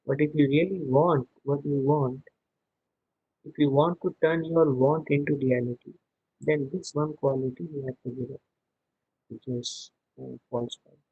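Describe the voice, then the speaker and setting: A man's voice: fairly high pitch, steady tone, measured pace, breathy edge, narrow, tinny audio. A man teaching a scripture class over a video call, explaining verses word by word and chanting Sanskrit lines. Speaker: spiritual teacher.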